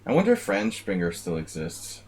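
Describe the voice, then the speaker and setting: A man's voice: deep voice, wildly swooping pitch, fairly quick, darkish tone, slightly rough. A man live-streaming blitz chess, chatting casually with viewers and rambling jokingly between moves. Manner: rambling, joking, talks to chat.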